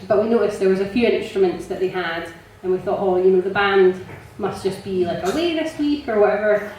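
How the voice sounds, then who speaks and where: A woman sharing a personal testimony in church, chatty and animated, laughing often and filling pauses with ums. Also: medium pitch. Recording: echoey church hall, mic from a distance.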